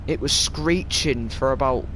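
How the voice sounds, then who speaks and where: A man with a Yorkshire accent talks through a live game stream at an unhurried pace. He tells stories in a stop-start way, full of restarts. A faint hum sits behind his mid-range voice. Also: mid-range voice, a bit bright, low-quality recording. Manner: rambling, stop-start storytelling. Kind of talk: casual live-stream chat.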